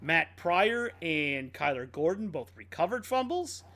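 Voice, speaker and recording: Guy cohosting a sports podcast, high and really animated, reading stats out. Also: unhurried. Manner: reads off game stats in a lively, rising-and-falling delivery. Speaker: podcast co-host. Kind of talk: casual sports podcast chat.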